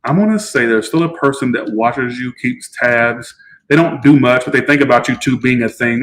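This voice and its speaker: Man, live tarot reader, casual, emotional, cursing, mid-pitched voice. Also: steady tone, brisk, a bit bright, slight background noise, low-quality recording. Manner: emotional, chatty, swears freely. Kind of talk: casual live-stream reading.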